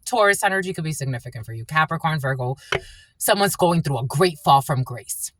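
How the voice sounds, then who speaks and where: The recording is very noisy, and the woman's voice sits low with lively intonation and a brisk pace. She is a tarot reader giving an angry spiritual reading, cursing often and bluntly repeating herself.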